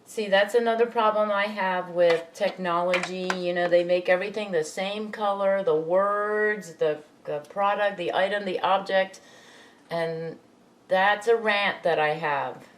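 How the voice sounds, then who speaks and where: A woman's mid-range voice holds a steady tone at a measured pace, with a little background noise audible. She's a crafting vlogger at home, chuckling and thinking out loud in a rambling way while mending her computer.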